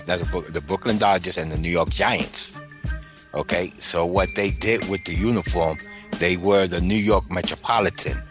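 Low-voiced man explaining, stumbling through. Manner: halting, lots of uh and repeated words. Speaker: guest explaining team history. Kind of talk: casual storytelling.

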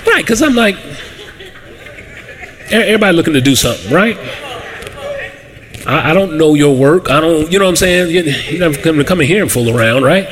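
A man pastor preaching in a lively storytelling sermon, acting out the voices of the people he quotes. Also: on the high side, a little fast, pauses often. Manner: animated, acts out quoted voices, laughs often.

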